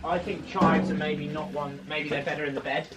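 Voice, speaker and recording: A man chatting casually with his partner, relaxed and a little hesitant, thinking out loud. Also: on the high side, normal speed, music in the background, low-quality recording. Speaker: partner of the host. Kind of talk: casual chat.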